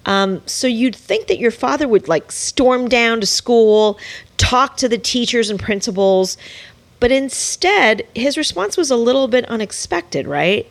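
A woman's voice: on the high side, animated, measured pace. A woman host asking interview questions in an engaged, empathetic way.

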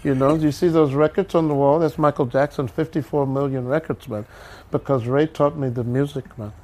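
A man doing an impression of an older male music producer, relaxed and saying "man" a lot. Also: mid-range voice, a little fast, close to an everyday voice. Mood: reminiscing.

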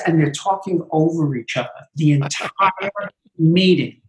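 A man, a Broadway producer, telling animated stories in an interview and acting out what others said. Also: on the high side, unhurried, roomy sound, low-quality recording. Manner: animated anecdotes, acts out quotes. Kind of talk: interview storytelling.

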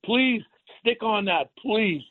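A man's voice: high voice, animated, slow, dry recording. A man, calling in as a regular guest and ranting bluntly on talk radio. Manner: blunt, insulting, heated. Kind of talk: brash talk radio rant. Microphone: phone line. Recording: tinny dry phone line.

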